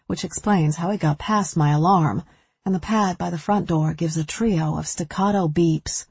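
A woman's voice: lowish voice, moderate pace, a little mellow, slightly rough, no echo. A woman reading a first-person thriller novel aloud with anxious tension. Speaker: audiobook narrator.

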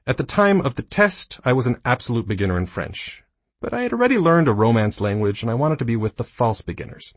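A man in his thirties reading his own nonfiction book aloud, with dry, self-mocking humor and a slightly husky voice. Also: medium pitch, big pitch swings, a little fast, dry recording. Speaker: audiobook narrator. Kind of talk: scripted nonfiction narration.

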